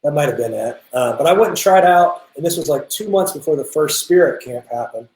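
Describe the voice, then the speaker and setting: A young man telling a drumming story in a casual interview, animated and quick to act out what others said, over a video call. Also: on the high side. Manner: animated, lots of restarts, quotes people in acted voices. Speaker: guest drummer. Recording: roomy echo.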